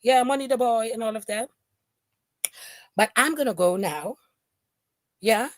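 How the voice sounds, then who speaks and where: A woman's voice: fairly high pitch, measured pace, no room sound, clean studio sound. A woman doing a casual, mocking commentary rant. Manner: mocking, animated, fake crying and singing impressions. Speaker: commentary streamer.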